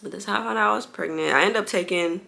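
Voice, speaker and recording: Bright, gravelly-voiced young woman vlogging. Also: mid-range voice, fast talker. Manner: chatty, full of "like" fillers, addresses viewers as y'all; bouncing on an exercise ball while holding a baby. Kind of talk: casual storytelling to viewers.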